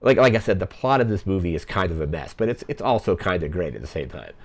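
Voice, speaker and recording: A man's voice: sits low, big pitch swings, fast talker. A young man hosting a podcast, casually recapping a film plot in a rambling way, full of "like" fillers. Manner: rambling, heavy use of "like" fillers. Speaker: podcast host.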